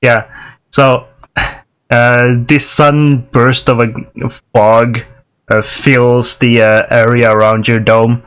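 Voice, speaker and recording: A man's voice: medium pitch, flat delivery, slow, fairly bright tone, smooth. A man narrating a tabletop game as game master, easygoing and often laughing.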